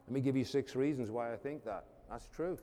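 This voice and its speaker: A man preaching a sermon as pastor, fervent, calling out to the congregation and swinging from loud declarations to hushed asides. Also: mid-range voice, a little fast, big-room sound. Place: church.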